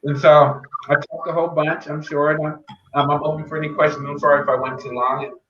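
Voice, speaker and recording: A man's voice: a little high, little pitch movement, fast, fairly bright tone. Earnest man giving faith testimony. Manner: earnest, faith-filled, repeats key phrases. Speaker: podcast guest. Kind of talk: personal testimony. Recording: echoey, dull, slightly noisy remote audio.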